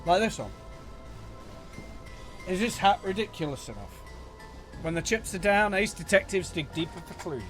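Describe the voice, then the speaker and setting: A man's voice: high voice, very animated, normal speed, long pauses, fairly bright tone, faint music behind. A man streaming a video game, reading the characters' lines aloud in playful put-on voices and joking between them. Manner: playful, puts on voices and jokes while reading. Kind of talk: let's play, reading game dialogue aloud.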